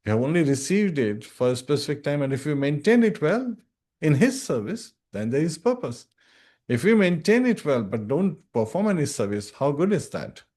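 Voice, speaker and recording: A man's voice: on the high side, sing-song, moderate pace, darkish tone. Earnest male devotional teacher. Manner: earnest and instructive, addresses listeners as dear devotees; recites Sanskrit verses, often adds "right?". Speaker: scripture class teacher. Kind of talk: devotional scripture talk.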